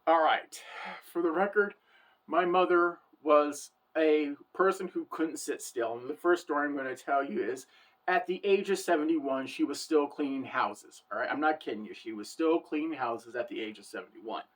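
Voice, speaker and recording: A woman's voice: low-pitched, moderate pace. A woman in her forties telling personal stories to camera in an earnest, heartfelt way, often saying "for the record". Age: 40s. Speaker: vlogger. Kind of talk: personal storytelling monologue.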